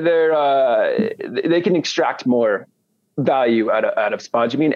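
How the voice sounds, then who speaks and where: A man's voice: mid-range voice, no echo. An American man talking casually as an interview guest, rambling with many restarts. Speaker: guest, commodity trader. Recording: dull, dry sound.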